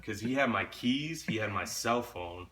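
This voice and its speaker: A man's voice: on the low side, animated, normal speed, background noise. A young man telling a story in casual chat, laid-back, swearing often and laughing along.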